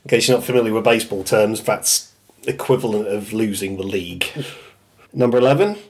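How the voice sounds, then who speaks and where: A man's voice: lowish voice, brisk. A man with a British accent hosting a podcast in casual chat, working through a list and laughing often as he goes. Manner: chatty, laughs often while listing quotes. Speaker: podcast host.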